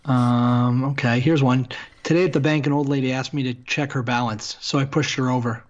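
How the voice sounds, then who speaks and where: A woman co-hosting a podcast, telling one-liner jokes in a dry, deadpan way. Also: a bass voice, fairly quick, highs cut off. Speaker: podcast co-host. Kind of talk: casual chat telling jokes.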